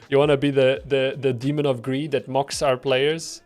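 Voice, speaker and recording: A man's voice: mid-range voice, flat delivery, moderate pace, hardly any pauses, darkish tone. Man, mid-range voice, easygoing indie dev streaming, rambles with fillers; faint music underneath. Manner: rambling, filler-heavy, self-deprecating. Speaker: indie game developer streaming. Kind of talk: casual devlog stream talk.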